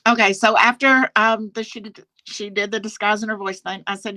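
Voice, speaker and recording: A woman hosting a casual livestream, answering viewers' comments by name and recounting a conversation, blunt, with halting restarts. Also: medium pitch, fairly even intonation, pushed and bright, no echo. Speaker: livestream host.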